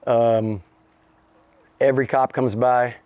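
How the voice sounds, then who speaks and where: A man's voice: medium pitch, flat delivery, slow pace, no echo, phone-quality sound. A middle-aged man, a rapper being interviewed, telling a story with lots of swearing and laughter and acting out the other people's voices. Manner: profane, laughing, acts out voices in his stories. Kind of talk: animated storytelling in conversation.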